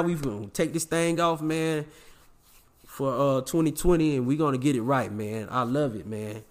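Preachy, emphatic man hosting a podcast. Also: a little high. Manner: emphatic, preachy, slangy, repeats lines for effect. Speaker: podcast host. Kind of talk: motivational casual podcast talk.

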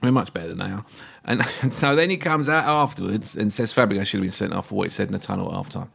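A man co-hosting a casual football chat, joking and animated, slipping into mocking shouts. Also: on the low side, fast, vocal fry, breathy edge.

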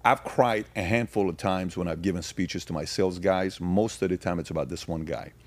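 A man talking as a podcast guest, telling personal stories and then arguing his point emphatically with rapid rhetorical questions. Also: sits low. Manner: frequent fillers and restarts. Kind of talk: casual conversation, storytelling.

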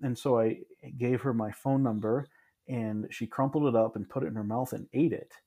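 A man in his thirties from Michigan, a podcast guest telling his story in a relaxed, reflective way, with frequent restarts and asides. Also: mid-range voice, moderate pace, husky. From Michigan, USA. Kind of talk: casual storytelling in an interview.

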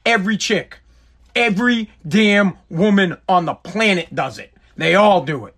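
A man with a notably high voice rants casually to his podcast listeners. He rambles, swears freely and circles back to the same points again and again, recording from his home basement. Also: animated, a little slow, creaky, a bit bright. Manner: rambling, profane, repetitive. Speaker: podcast host. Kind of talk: casual solo rant.

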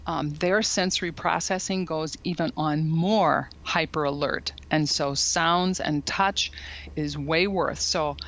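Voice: medium pitch, fairly even intonation, takes it slowly, fairly bright tone. Thoughtful podcast guest, slightly dull audio. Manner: thoughtful, many fillers and restarts, explanatory. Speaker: podcast guest and parenting educator. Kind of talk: casual podcast conversation.

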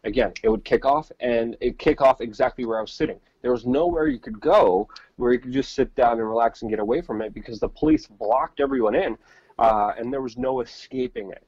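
Brief: husky-voiced male co-host, dry lo-fi remote line, rambling casual delivery. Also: mid-range voice, big pitch swings, a little fast, a little mellow, no room sound. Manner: rambling, repeats words, many fillers. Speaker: podcast co-host reporting from the field. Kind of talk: casual live-stream chat.

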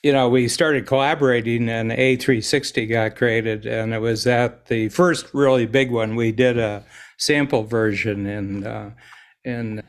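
A man's voice: mid-range voice, steady tone, unhurried, clean tone. An American man, a podcast guest, telling rambling stories in casual conversation and chuckling often. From United States. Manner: rambling storyteller, laughs often, restarts.

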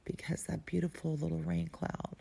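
Husky low-voiced woman telling a personal story. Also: completely flat delivery, moderate pace, dark tone. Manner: intimate, often dropping to a breathy near-whisper. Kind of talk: personal story told aloud.

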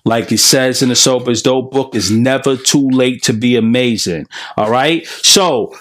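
A man's voice: mid-range voice, normal speed, a bit bright. A man in his forties, a podcast host, telling his personal story to listeners in an emphatic, repetitive, preacher-like cadence.

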